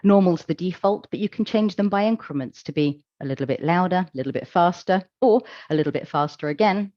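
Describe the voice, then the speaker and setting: A woman's voice: low voice, dark tone, no echo, highs cut off. A woman giving a conference talk, explaining things step by step with casual asides. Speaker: accessibility conference speaker.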